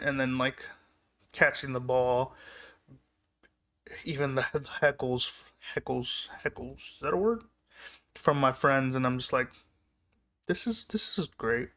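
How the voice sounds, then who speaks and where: A young man casually recounting personal memories in a rambling, laughing way. His voice sits at a middle pitch and he grows excited as he relives the moments. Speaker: vlogger. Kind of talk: casual storytelling.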